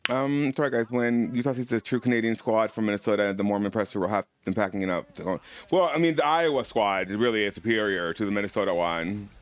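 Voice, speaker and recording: A man livestreams casual chat, talking playfully and ramblingly with his viewers. He has a lowish voice and talks fast.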